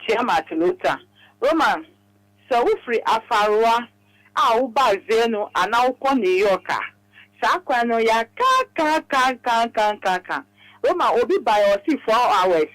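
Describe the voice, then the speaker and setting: A woman with a Ghanaian accent calling in to a radio show, rambling quickly in a mix of Twi and English. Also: on the high side, big pitch swings, a bit bright, dry recording, rough recording. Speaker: radio caller. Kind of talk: phone-in talk.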